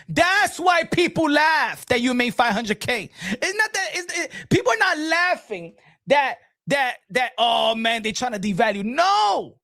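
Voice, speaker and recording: A man streaming boxing commentary, talking to his chat in an animated, teasing, repetitive way with frequent laughs. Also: very high-pitched, slow pace.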